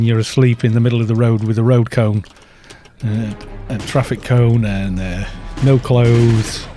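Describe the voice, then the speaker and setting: A man streaming a game live, chatting casually and telling rambling stories between remarks on play. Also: mid-range voice. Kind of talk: casual live-stream chat while gaming.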